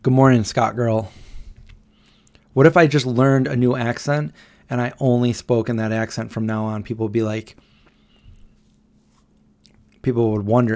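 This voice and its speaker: A man's voice: medium pitch, a little mellow. A man in his thirties hosting a casual late-night livestream at home, chatting loosely and reading out viewer comments. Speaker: livestream host.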